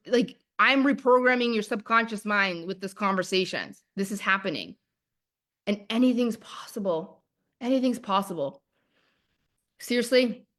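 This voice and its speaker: Woman, 30s, manifestation coach: emphatic, excited motivational delivery, mid-pitched. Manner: excited, emphatic, repeats phrases. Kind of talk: motivational masterclass talk.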